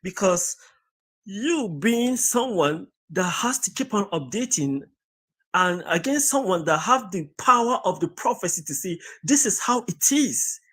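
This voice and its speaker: A man's voice: high-pitched, animated, measured pace, a bit bright, breathy edge. A man talking in a wordy, stammering way in a live-stream debate, often apologizing and restarting.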